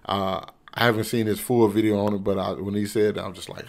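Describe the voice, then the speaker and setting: A man's voice: lowish voice, level tone, a little fast, gravelly, few pauses. Loose-talking profane male TV reviewer. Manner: loose, profane, rambling, frequent "you know what I'm saying". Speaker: TV episode reviewer. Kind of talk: casual unscripted review vlog.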